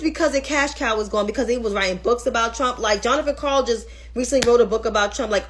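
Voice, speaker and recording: A woman with a fairly high voice hosts a political livestream and gets heated and profane as she rants. She talks back to viewers' comments between her points. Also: fairly bright tone.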